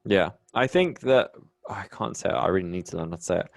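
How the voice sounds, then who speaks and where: A man's voice: low-pitched, expressive, quick pace, gravelly, no echo. A young man with a Bristol accent from England, chatting casually as a podcast guest, rambling with many restarts. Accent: English, Bristol. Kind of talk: casual conversation.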